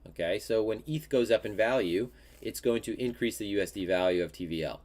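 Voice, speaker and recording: Low-voiced congested man talking crypto markets. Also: a little fast, darkish tone. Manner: casual, many fillers and restarts. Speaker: crypto market show host. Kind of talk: live market commentary.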